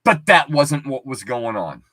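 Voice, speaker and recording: Crude, animated man telling a story. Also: mid-range voice, unhurried. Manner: vulgar, animated, demonstrates with hands. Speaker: streamer.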